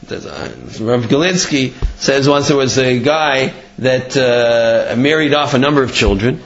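Animated man giving a Torah class. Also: on the high side. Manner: animated, sing-song study-hall delivery, frequent Hebrew terms. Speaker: Torah teacher. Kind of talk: Torah class on Gemara and Midrash. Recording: echoey, dull lo-fi room recording.

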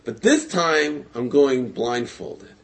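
A man voicing a boastful male daredevil tightrope walker who makes loud, confident announcements. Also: medium pitch, expressive, slow, creaky.

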